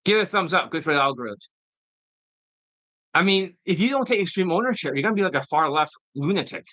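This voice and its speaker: A man's voice: on the high side, lively intonation, fast talker, sharp tone, no echo, poor audio. A man who works as a dating coach, giving a profane, combative and mocking monologue in a casual style.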